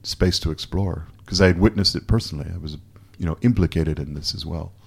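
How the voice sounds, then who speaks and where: Deep voiced canadian guy in an interview, candid, lots of restarts and trailing off. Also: fairly even intonation, creaky, breathy edge. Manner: candid, halting, self-questioning with restarts. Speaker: photographer guest. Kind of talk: casual interview conversation.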